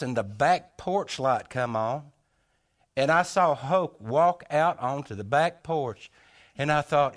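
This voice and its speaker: High-voiced storyteller man. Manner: folksy, animated, acts out his own thoughts aloud. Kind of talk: humorous tall tale told on stage.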